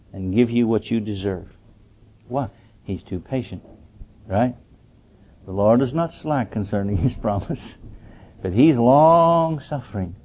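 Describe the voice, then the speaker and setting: A man preaching a sermon with fervent rhetorical questions, his voice climbing to high emphatic peaks. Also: mellow, slightly rough. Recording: dull lo-fi sermon recording.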